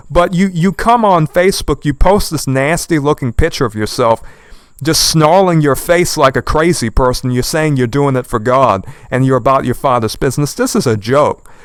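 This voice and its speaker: A man's voice: fairly high pitch, clear, resonant tone, no room sound. A man giving outspoken online commentary, indignant and scolding, repeating phrases for emphasis. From United States.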